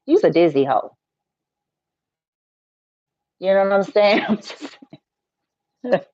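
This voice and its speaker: A woman's voice: mid-range voice, lively intonation, takes it slowly, dark tone, dry recording. A woman who works as a Reiki healer, talking in a casual live-stream rant that is blunt, profane and joking. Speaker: Reiki healer and spiritual teacher. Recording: dull, dry lo-fi sound.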